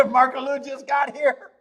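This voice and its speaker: A man's voice: extremely high pitch, fairly even intonation, slow pace, fairly bright tone. A man hosting a live stream, worked up and ranting, pleading, swearing and laughing as he talks. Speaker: host. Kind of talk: live-stream chat rant.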